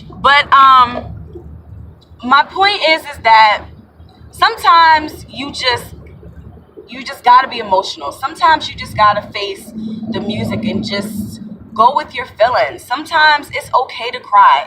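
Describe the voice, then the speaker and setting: A young woman talks straight to her viewers about spirituality, earnest and rambling, her voice bright and fairly high. She sits a little back from the mic, and faint ambience hums underneath. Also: lively intonation, unhurried, distant mic, slight background noise, low-quality recording. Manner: earnest, rambling, uses y'all and sis. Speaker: spiritual vlogger. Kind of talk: casual spiritual talk to camera.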